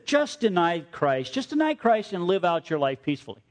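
A man's voice: high voice, sing-song, moderate pace. A preacher voicing an angry male Roman ruler who issues demands and threats in a retold story. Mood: stern. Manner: blustering, demanding.

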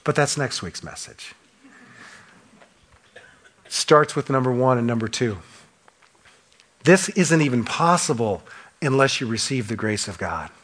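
A man preaching a sermon to a church congregation, impassioned, asking rhetorical questions and swinging between loud emphasis and hushed drops. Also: mid-range voice, expressive, a little slow, pauses often. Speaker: pastor.

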